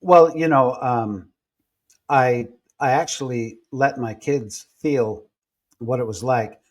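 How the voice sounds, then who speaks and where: A man telling personal stories in a relaxed interview, acting out the people he quotes as he goes. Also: medium pitch, takes it slowly. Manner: animated storyteller acting out quoted voices. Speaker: guest. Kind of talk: storytelling in a conversational interview.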